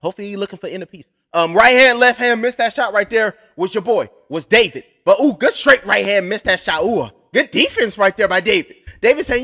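A young man calls punches blow by blow and drifts into profane, joking stories. His voice sits high for a man. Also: expressive, fairly quick, hardly any pauses, bright, forceful tone. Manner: rambling, profane, joking asides. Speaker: fight commentator. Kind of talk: live blow-by-blow stream commentary.

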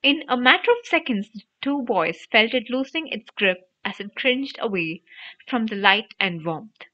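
Lively woman reading a storybook. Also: a little high, normal speed. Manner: animated, expressive reading. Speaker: audiobook reader. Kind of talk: scripted storybook narration. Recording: dry, dull lo-fi audio.

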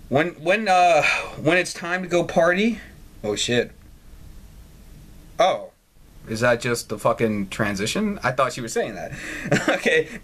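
A man with a fairly high, slightly bright voice hosts a gaming channel. In casual let's-play commentary on a mobile story game, he mocks and swears freely and laughs often.

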